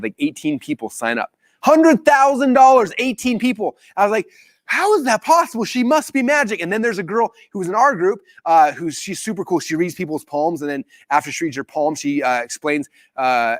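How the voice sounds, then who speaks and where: A man hosting a live business training, telling a story with animated acted-out quotes. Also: dry recording, clean studio sound. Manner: animated storytelling, acts out quotes with big pitch jumps.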